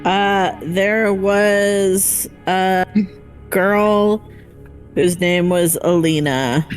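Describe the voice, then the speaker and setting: A woman's voice: mid-range voice, steady tone, soft background music. A woman playing a tabletop game, speaking casually with many likes and ums. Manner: slow, filler-heavy speech with frequent laughs. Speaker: player.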